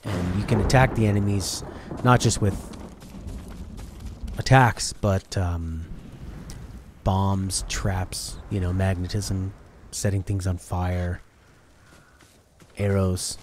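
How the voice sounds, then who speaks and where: A man's voice: low voice, steady tone, slow pace, pauses often, slight background noise. A man streaming a video game, chatting casually about games and reading his chat aloud while he plays. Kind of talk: casual gameplay commentary. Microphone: desk mic through an audio interface.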